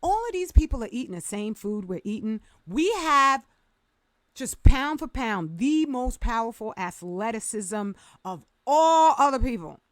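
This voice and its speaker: A woman with a high voice delivers an impassioned vlog rant, emphatic and sarcastic by turns. The sound is close and dry, with no room around her. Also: sing-song, measured pace, no room sound. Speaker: vlogger.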